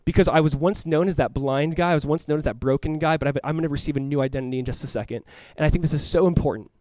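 A man preaching a sermon as pastor, animated, acting out voices and swinging from loud cries to hushed, earnest tones. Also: a little high, racing, no room sound. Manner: animated, acts out voices of the crowd and the blind man.

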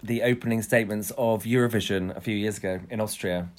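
A man's voice: fairly low pitch, fairly even intonation, fast talker. A man co-hosting a podcast, telling stories playfully and laughing often. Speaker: podcast co-host. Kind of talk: casual chat.

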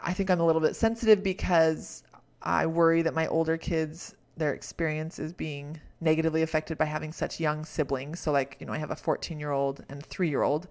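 Candid woman telling a personal story. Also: low voice. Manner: candid, reflective, laughs often at herself. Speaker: podcast host. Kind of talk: personal storytelling and life coaching.

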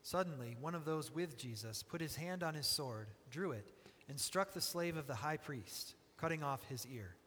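A man reading scripture aloud in a measured, solemn group reading. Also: on the high side, lively intonation, fairly bright tone. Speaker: scripture reader. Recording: hall reverb, faint noise.

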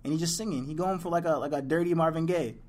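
A young man chatting casually, excitable and full of slang as he banters. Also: on the high side, quick pace. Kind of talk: casual chat.

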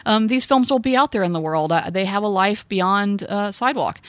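A woman's voice: mid-range voice, fairly quick, dry recording. A woman hosting a film podcast, talking in an emphatic, teasing way during a casual discussion. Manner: emphatic, teasing, animated in arguments.

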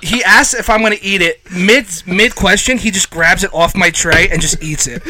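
A man co-hosting a podcast, telling animated, profane stories and laughing through them. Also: high-pitched, normal speed, crowd noise, rough recording. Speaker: podcast co-host. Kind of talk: casual storytelling chat.

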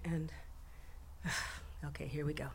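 A middle-aged woman telling a personal family story to a listening crowd, acting out relatives in sudden high voices. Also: flat delivery, takes it slowly, husky.

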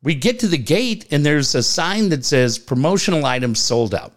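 A middle-aged man sits in on a casual podcast chat, spinning stories and playing out every exchange in the voices of the people involved. His voice sits a little high for a man and swings up and down a great deal as he talks, with plenty of swearing mixed in. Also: moderate pace. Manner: animated storyteller acting out dialogue, swears freely. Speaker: podcast co-host.

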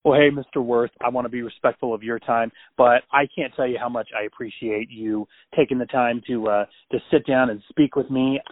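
A man's voice: medium pitch, fairly even intonation, a little fast, hardly any pauses, no room sound. A man hosting a phone interview, polite and groping for words with many ums and uhs. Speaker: interviewer, host. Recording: tinny dry phone line.

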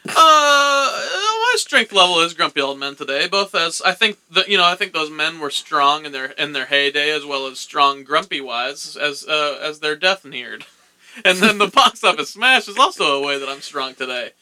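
A man's voice: fairly high pitch, normal speed, sharp tone. A man hosting a podcast, chatting casually with a goofy, jokey, playful mock-motivational delivery. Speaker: podcast host. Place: podcast studio room.

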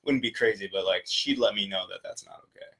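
A man co-hosting a podcast, chatting quickly and laughing along as he talks. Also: fairly low pitch, a bit bright. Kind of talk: casual podcast chat.

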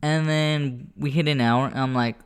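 A man casually telling a rambling, profane story about his own life, animated and full of restarts. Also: mid-range voice, normal speed, clear, resonant tone.

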